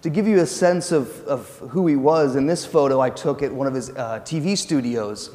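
A man's voice: medium pitch, moderate pace, warm tone. Man lecturing in a reverberant hall. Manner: conversational, explanatory with hesitations. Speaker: academic lecturer. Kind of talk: academic lecture.

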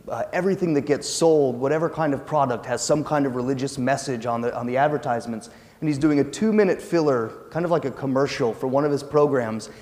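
A man gives an academic lecture, explaining in a relaxed, conversational way with small hesitations. His voice sits at a middle pitch. A long reverb follows his words through a large lecture hall. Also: fast talker.

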